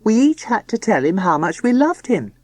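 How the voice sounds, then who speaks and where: A woman's voice: medium pitch, big pitch swings, normal speed, a little mellow, no room sound. A woman narrating an audiobook in the first person as a young engaged daughter, in a chatty, confiding, gossipy manner.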